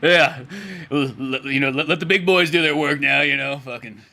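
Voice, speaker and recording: A man's voice: medium pitch, moderate pace, gravelly, pushed and bright. A young man co-hosting a podcast, chatting loosely with lots of fillers and swearing, acting out quotes from a comic. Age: young adult. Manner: loose and profane, many fillers, acts out quotes. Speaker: podcast co-host. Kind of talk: casual chat.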